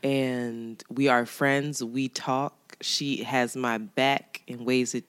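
Hoarse, low-voiced Philly woman. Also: level tone, takes it slowly, dry recording, studio quality. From Philadelphia. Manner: blunt, profane and teasing. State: hoarse, gravelly voice from being sick. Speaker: podcast co-host. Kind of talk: casual chat between friends.

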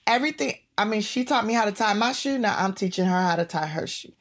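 A woman's voice: medium pitch, fast. Casual chatty middle-aged lady comedian, laughing and doing voices, medium voice. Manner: animated, laughing, acts out voices in her stories. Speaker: comedian and guest. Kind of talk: casual storytelling interview.

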